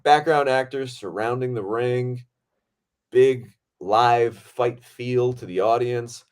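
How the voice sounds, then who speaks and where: A man hosting a podcast, telling a set story in a casual, excitable way and swearing freely. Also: medium pitch, takes it slowly, clean tone. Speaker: podcast host and film director.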